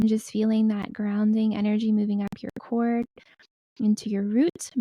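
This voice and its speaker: A woman leads a guided meditation in a very dark, mellow voice with a gravelly fry. She speaks softly and slowly, sometimes whispering, and she chants in an invented light language. Her pitch sits fairly high but stays flat and even, and the sound is dry and close. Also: dry recording, low-quality recording. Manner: soft, slow, soothing delivery that drops into whispers. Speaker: guest spiritual healer.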